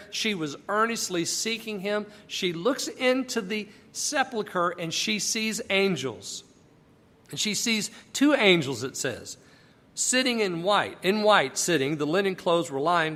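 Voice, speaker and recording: Male Bible teacher, high and bright, conversational and emphatic, long reverb.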